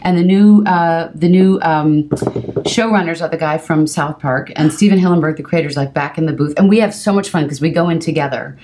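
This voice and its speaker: A middle-aged woman, a guest actor, chatting casually and telling stories with quick asides. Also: deep voice, mellow. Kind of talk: casual chat.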